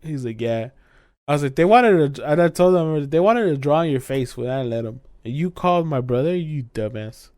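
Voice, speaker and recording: A man's voice: on the high side, expressive, moderate pace, darkish tone, no room sound, studio quality. A young man co-hosting a podcast, telling a drunk story in casual chat, swearing often and acting out the quotes with bursts of laughter. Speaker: podcast co-host.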